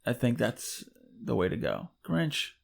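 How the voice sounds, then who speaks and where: A man's voice: mid-range voice, huge pitch swings, a little slow, vocal fry. A man co-hosting a podcast, trading laid-back, slangy banter with a friend. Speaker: podcast co-host. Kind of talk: casual chat.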